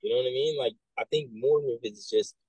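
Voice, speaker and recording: A man working as a military recruiter, talking casually and telling animated stories with many restarts and asides. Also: medium pitch, fast talker, breathy edge, no room sound, poor audio. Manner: animated storyteller, acts out quoted voices, many restarts and "right?". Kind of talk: casual conversation.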